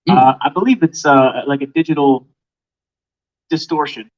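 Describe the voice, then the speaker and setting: A man's voice: medium pitch, normal speed, distant mic. A man who is a guest actor on a live panel, making joking asides. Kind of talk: casual live panel chat. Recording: muffled stream with crowd noise.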